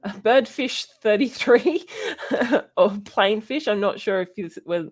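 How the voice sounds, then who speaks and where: A woman hosting a casual educational chat, halting often with ums and restarts and laughing now and then. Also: mid-range voice, lively intonation. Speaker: podcast host.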